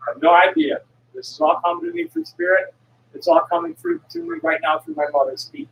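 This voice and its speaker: Her voice is very high-pitched and gravelly, with big pitch swings and a slightly fast pace: a woman in her sixties who travels selling herbal medicine. She rambles digressively, restarting often, blunt and occasionally profane. The recording sounds distant in an echoey room with faint ambience.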